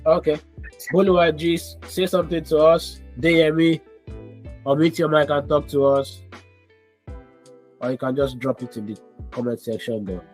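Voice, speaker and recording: A man's voice: fairly high pitch, steady tone, moderate pace, long pauses. Man, online class instructor, coaxing, repeats prompts, video call, faint music behind. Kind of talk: live online class, calling on students.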